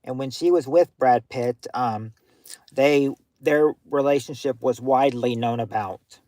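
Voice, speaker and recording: A man hosting a casual livestream game night, stopping and restarting as he hunts for clues to give his players. His voice sits at an ordinary middle pitch. The sound is dry and close, with no room echo. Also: darkish tone. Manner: halting, hunts for words with many fillers; gives clues to players, talks to chat.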